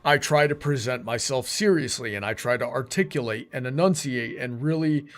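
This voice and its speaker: A man's voice: medium pitch, moderate pace. A man hosting a casual livestream chat, rambling along with lots of fillers and restarts. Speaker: livestream host.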